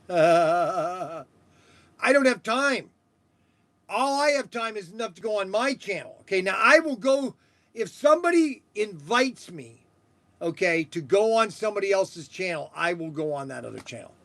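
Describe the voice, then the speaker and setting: A man hosting a toy shop stream, rambling in casual chat with halting restarts and chuckles. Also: high-pitched, animated, a bit bright, no room sound.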